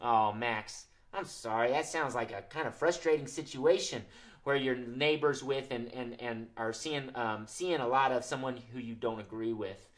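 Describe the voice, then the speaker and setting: A woman hosting a children's show, speaking gently and encouraging the kids watching. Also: a bass voice, moderate pace. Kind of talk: casual children's show, singing and chatting.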